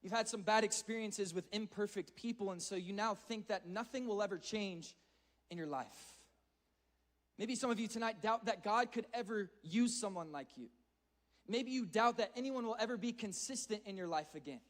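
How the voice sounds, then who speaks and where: A man's voice: high voice, moderate pace. A man giving an earnest, conversational sermon to a youth audience, often repeating words as he speeds up. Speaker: youth speaker.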